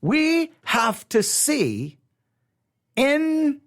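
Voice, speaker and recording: Earnest high-voiced man teaching scripture. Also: sing-song, extremely slow, vocal fry. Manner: earnest, stumbling restarts, emphatic repetition. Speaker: Bible study teacher. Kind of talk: unscripted Bible study teaching.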